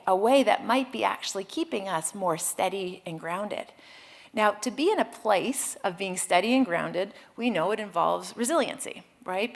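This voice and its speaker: Animated woman giving a keynote. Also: medium pitch. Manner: animated storytelling with asides; conversational, uses "like" and "right?". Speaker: keynote speaker. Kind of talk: motivational keynote talk.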